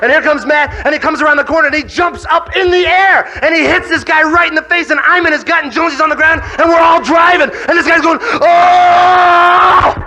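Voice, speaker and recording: A young man giving a motivational talk to a youth audience, telling a story with acted-out voices and shouts. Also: very high-pitched, fast talker, few pauses. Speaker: youth speaker.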